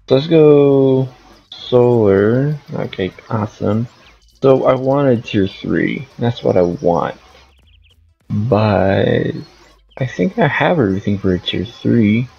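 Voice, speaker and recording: Gravelly low-voiced man rambling through gameplay. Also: muffled recording. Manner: rambling, thinking aloud. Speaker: gaming streamer. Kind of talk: casual gameplay commentary.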